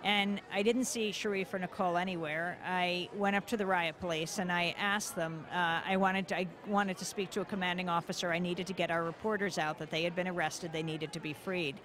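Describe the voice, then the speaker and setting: A woman's voice: fairly low pitch, fairly even intonation, fairly quick, few pauses, fairly bright tone. A woman news host giving an interview, telling her story urgently and rising to indignant emphasis. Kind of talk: interview, personal account. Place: convention hall.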